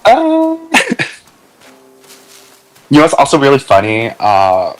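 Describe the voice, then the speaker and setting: A young man chatting casually as a stream host, laughing often and acting out what others said in high voices. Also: wildly swooping pitch, takes it slowly, poor audio. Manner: laughs a lot, acts out quotes in high voices. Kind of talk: casual chat.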